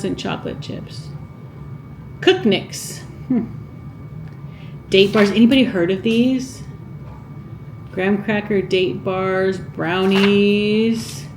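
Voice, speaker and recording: In her easygoing vlog, a cooking vlogger works through a vintage cookbook without hurry, thinking out loud and asking her viewers questions. Her pitch is middling, with a bit of room echo and a soft hiss of background noise.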